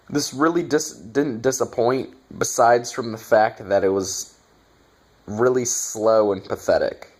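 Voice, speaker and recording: A man reviewing a bad movie in a casual, exasperated rant, swearing and sarcastic. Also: on the low side.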